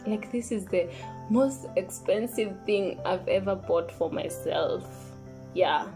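A woman's voice: mid-range voice, takes it slowly, music in the background. A young woman chatting casually in a vlog, slipping Swahili phrases into her English. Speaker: vlogger.

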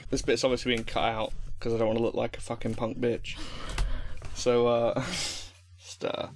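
A man's voice: mid-range voice, little pitch movement, a little slow, a little hiss or hum. A young man rambling and joking as he unboxes fan mail at home into a desk microphone, full of fillers and restarts. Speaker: vlogger opening fan mail. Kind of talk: casual unboxing vlog. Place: room at home.

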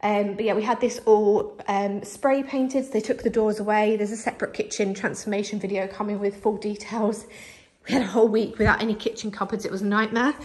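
A woman's voice: medium pitch, fairly even intonation, brisk, few pauses, darkish tone. A young woman, chatty and slightly out of breath, giving a casual house tour as a vlogger, filmed on a handheld camera indoors. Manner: chatty, lots of fillers.

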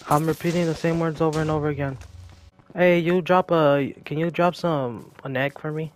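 A man giving casual gameplay commentary, jokey and excitable, talking to himself and to the game's creatures. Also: on the high side, moderate pace.

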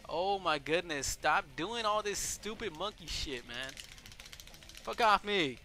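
A man giving casual let's play commentary over a wrestling game, excitable and swearing, yelling at the game and shouting out moves. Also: high-pitched, a little slow, faint music behind. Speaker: gameplay commentator.

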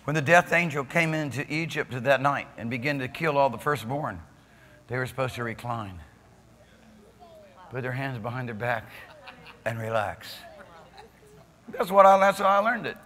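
Male pastor, fervent sermon delivery with quiet-to-shouting swings; bright, high, reverberant church room. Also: animated, moderate pace, long pauses. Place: church sanctuary.

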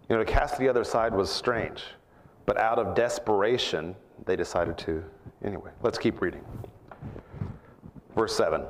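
A man preaching a sermon at church, earnest and reflective, rising in pitch to stress his points. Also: big-room sound.

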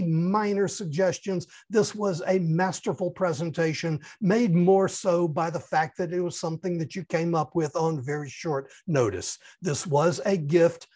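Breathy man giving a measured evaluation. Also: on the high side, a little mellow. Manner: measured and courteous, lingers on key phrases. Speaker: speech evaluator. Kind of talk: formal spoken speech evaluation. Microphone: video call.

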